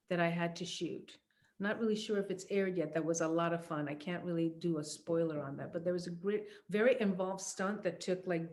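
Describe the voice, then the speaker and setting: A middle-aged woman answering interview questions about her acting work, talking casually with many fillers and restarts, and laughing easily. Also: fairly low pitch. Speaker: actress being interviewed.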